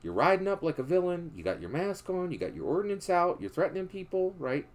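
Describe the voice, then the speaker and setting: A man's voice: sing-song, fairly quick. A man from Philadelphia giving casual storytelling political commentary, emphatic and tagging sentences with "right?". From Philadelphia, USA. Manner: tags nearly every sentence with a questioning "right?"; emphatic, drops low and quiet for moral points.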